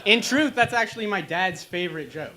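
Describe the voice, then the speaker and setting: A young man on a small lounge stage doing stand-up into a handheld mic, his voice bright and a little high for a man. He tells dark jokes deadpan and now and then acts out pained groans. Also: a little fast, slight background noise. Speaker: stand-up comedian. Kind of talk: stand-up comedy set.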